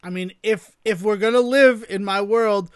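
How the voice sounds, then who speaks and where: A mid-pitched co-host talks through a movie in casual podcast style, wry and sardonic, building mock theories and cursing for emphasis. The voice sounds close and dry. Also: normal speed, clean tone, no echo. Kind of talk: casual film-review chat.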